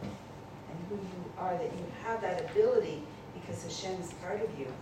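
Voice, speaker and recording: A woman joins a class discussion, her voice somewhat low and set well back from the mic. She explains her point through an example in a conversational way. The room rings with strong echo, and clear noise runs under her voice. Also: normal speed. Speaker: class participant. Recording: distant, echoey and noisy room recording.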